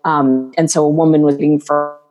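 A woman's voice: low voice, little pitch movement, moderate pace, a little mellow, long reverb tail, dull audio, faint music behind. A woman guest coach talking earnestly in a podcast interview, telling stories with plenty of fillers. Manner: earnest, storytelling with many fillers.

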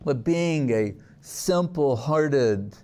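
Guy preaching slow and calm, mellow dark voice, reflective storytelling. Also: medium pitch. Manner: unhurried, reflective storytelling with Sanskrit verses. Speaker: swami giving a spiritual talk. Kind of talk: sermon.

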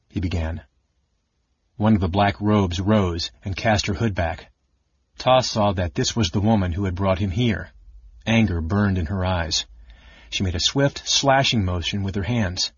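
A man narrating an audiobook in a steady, even reading voice. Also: low-pitched, moderate pace, slightly rough, no echo. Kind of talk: scripted narration. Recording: dull, dry audiobook recording.

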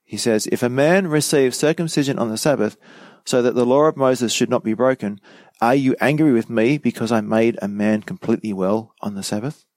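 A man's voice: mid-range voice, a little fast, a little mellow, no echo. A man teaching verse by verse through a Bible passage, reading each verse aloud and then explaining it in conversational asides and questions to the listener. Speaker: pastor teaching a Bible study.

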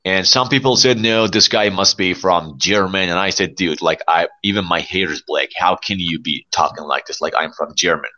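A young man from Iran hosts a live stream in a relaxed, friendly way. His voice sits very low but has a bright, forceful edge. The sound is a little dull and lo-fi. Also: a little fast, few pauses. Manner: relaxed, friendly, says pal and like. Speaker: livestream host. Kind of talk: casual chat.

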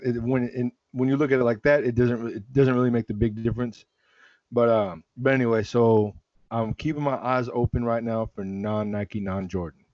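A man hosting a casual sneaker chat, relaxed and rambling, often restarting his sentences. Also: mid-range voice, no room sound, highs cut off. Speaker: sneaker podcast host.

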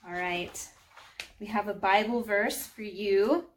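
A woman's voice: medium pitch, steady tone, slow pace, a little hiss or hum. Friendly woman storyteller, reading a picture book aloud for children. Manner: gentle, friendly, addresses children.

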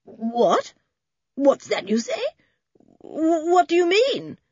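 A woman reading aloud, voicing a fussy, angry older man who shouts and then stammers in alarm. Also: mid-range voice, wildly swooping pitch, extremely slow, slightly rough, no room sound, lo-fi sound, pitched above the performer's own voice, heavily acted. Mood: flustered.

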